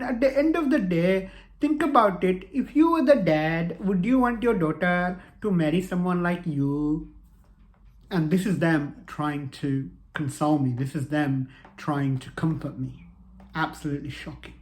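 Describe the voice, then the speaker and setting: A man's voice: on the high side, a little slow. A man, telling a personal story to camera in an earnest way and repeating phrases for emphasis. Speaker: motivational vlogger.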